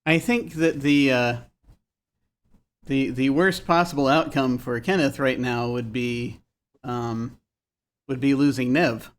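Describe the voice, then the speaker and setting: A man's voice: medium pitch, steady tone, slow pace, pauses often. Hesitant man player. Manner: hesitant, searching for words. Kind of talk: speaking for his character in a tabletop game.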